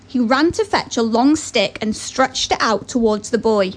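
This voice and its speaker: A woman's voice: high voice, animated, normal speed, few pauses. A woman giving an earnest motivational talk and telling a story, with chatty asides.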